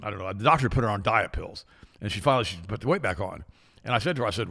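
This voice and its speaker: An older man co-hosting a talk show, explaining things in a fast, emphatic, lecturing way. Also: fairly low pitch, expressive, vocal fry, pushed and bright. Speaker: co-host. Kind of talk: animated talk show banter.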